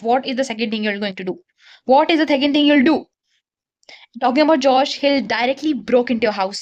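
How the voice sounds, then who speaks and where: High-voiced young woman ranting about a book. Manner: exasperated, ranting, talks straight to viewers. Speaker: book reviewer. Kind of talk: casual book review rant to camera.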